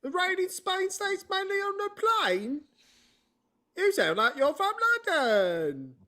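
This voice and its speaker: A man putting on an overblown, sing-song mock-Cockney English accent as a high, showy Englishman. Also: very animated, slow pace, sharp tone, full character voice.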